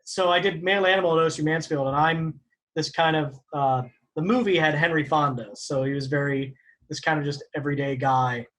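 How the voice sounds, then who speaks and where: A man, a stage actor, telling a theater story in casual chat with lively reactions and laughter. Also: fairly high pitch, fairly quick. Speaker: podcast co-host and stage actor.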